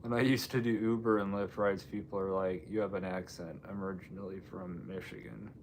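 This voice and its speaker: A man's voice: deep voice, steady tone, a little fast, slight background noise. A man from Washington State hosting a casual live stream, rambling and joking while answering viewer comments. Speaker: livestream host.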